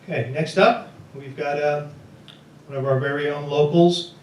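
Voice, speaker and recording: A man's voice: on the high side, steady tone, moderate pace, darkish tone, recorded from a distance. A man acting as emcee at a small theater, introducing acts in an upbeat, loose way. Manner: upbeat, loose, hypes up the crowd. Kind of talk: introducing acts at an open mic. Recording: echoey theater, mic from afar.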